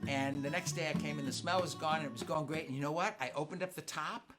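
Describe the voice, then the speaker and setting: A man's voice: on the high side, quick pace, over loud music. A man hosting a live family concert, chatting playfully with his audience, telling stories and reading their comments aloud. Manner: playful, storytelling, reads viewer comments aloud. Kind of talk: casual chat with online audience.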